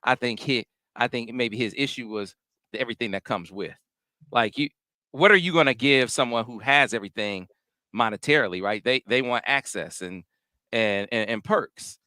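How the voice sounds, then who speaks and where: A man hosting a casual sports talk show, speaking in a measured, analytical way with frequent restarts. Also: mid-range voice, bright, forceful tone, dry recording.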